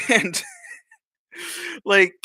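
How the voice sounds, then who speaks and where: A man's voice: drawn-out words, pushed and bright, no echo. A man telling a funny story in a casual, rambling way, laughing and drifting into asides. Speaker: YouTuber.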